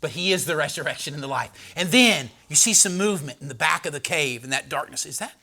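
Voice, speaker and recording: A man preaching a sermon, swinging between loud proclaiming and hushed, dramatic storytelling. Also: a little high, animated, fast talker, creaky.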